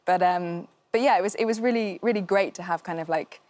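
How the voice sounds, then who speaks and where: A woman's voice: on the low side, a little fast, a little mellow. A woman who is an actress being interviewed in a casual chat, laughing often and poking fun at herself. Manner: laughs often, self-deprecating. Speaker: actress guest.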